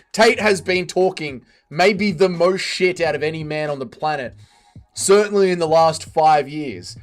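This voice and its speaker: A man hosting a casual livestream, reading chat aloud, swearing often and laughing readily. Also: on the high side.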